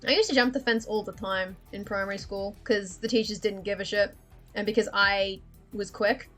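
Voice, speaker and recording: A woman's voice: mid-range voice, steady tone, normal speed, a bit bright, soft background music. A young woman, chatting candidly on a livestream, swearing freely and laughing often. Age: young adult. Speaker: livestream host. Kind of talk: casual livestream chat.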